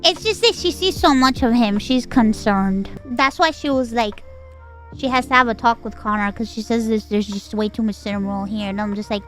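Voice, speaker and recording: A woman streamer in casual livestream chat, animated and giggly with dramatic outbursts. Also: on the high side, brisk, faint music behind.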